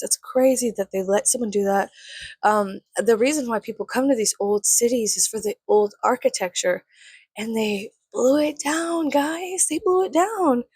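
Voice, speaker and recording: Gravelly, sweary woman ranting. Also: mid-range voice, dry recording. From San Antonio, Texas. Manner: heated, sweary, rambling. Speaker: vlogger. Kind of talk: profane casual rant.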